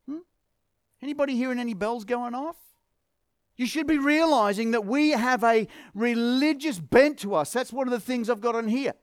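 A man preaching a sermon, his high voice rising and falling in wide swings. He drives points home emphatically, then drops to a hush. The sound is close and dry. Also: no echo. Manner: emphatic, swings from loud to hushed. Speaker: pastor. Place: church hall.

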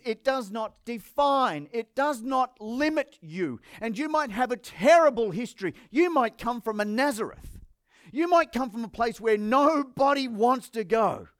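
A man's voice: very high-pitched, no room sound, clean studio sound. An Australian man preaching a sermon as pastor, firing rhetorical questions at the congregation.

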